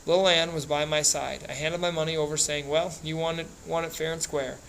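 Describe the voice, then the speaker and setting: A man reading a novel aloud in a plain, steady way, with small slips and restarts. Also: a little high, brisk, vocal fry, slight background noise, rough recording. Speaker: reader.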